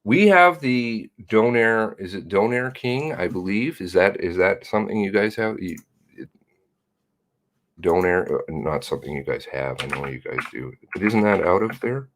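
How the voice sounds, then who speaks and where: His lowish voice is animated and moderately paced as he live streams. Casually reading out viewer comments, he rambles, pokes fun at himself, and swings from laughs to mutters.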